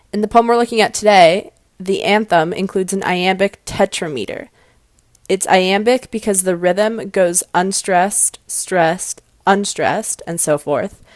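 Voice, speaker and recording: A woman's voice: mid-range voice, dry recording. Woman explaining poetry, dry close sound. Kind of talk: class presentation.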